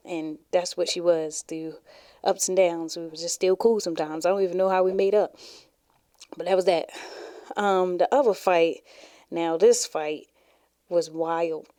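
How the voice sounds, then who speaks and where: A woman's voice: lowish voice, warm tone, no room sound, clean studio sound. A woman hosting a podcast, telling stories in a chatty, rambling way full of "like" fillers. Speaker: podcast host. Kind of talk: casual storytelling.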